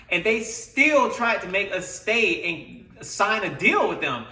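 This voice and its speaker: A man's voice: sits high, very animated, takes it slowly, hardly any pauses, bright, forceful tone, far from the mic. A man telling a frustrated story about a car dealership, acting out the other people's lines as he goes. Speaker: vlogger. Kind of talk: animated storytelling rant. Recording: roomy, away from the mic.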